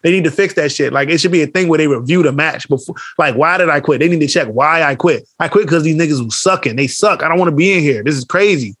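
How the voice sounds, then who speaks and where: A man co-hosting a podcast in casual chat, telling animated stories full of slang and swearing, acting out what others said. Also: a little high, fast talker, few pauses, breathy edge, dry recording, clean studio sound. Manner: animated storytelling, acts out quotes, heavy slang and swearing. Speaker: podcast co-host.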